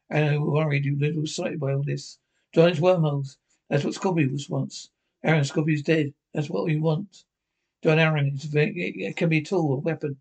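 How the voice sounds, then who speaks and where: A man reading aloud a fan-written scene description of a TV episode, halting and often stumbling and repeating words. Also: fairly high pitch, fairly even intonation, vocal fry, a little mellow, breathy edge. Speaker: narrator.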